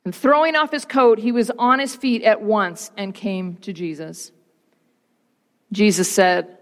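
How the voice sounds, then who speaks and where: A woman pastor reading the gospel and preaching, with slow, rhythmic repetition and dramatic pauses. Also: medium pitch, in a large hall.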